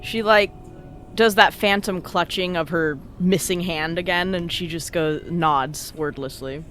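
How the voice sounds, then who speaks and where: A woman playing a tabletop game, talking in an animated, filler-heavy way. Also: on the low side, a little slow, faint music behind. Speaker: player.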